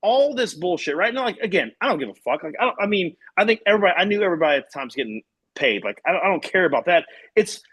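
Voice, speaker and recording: A man's voice: high-pitched, very animated, very fast, a bit bright, husky. A man from co-hosting a live sports show, talking in a profane, ranting way. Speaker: podcast co-host. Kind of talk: casual sports talk.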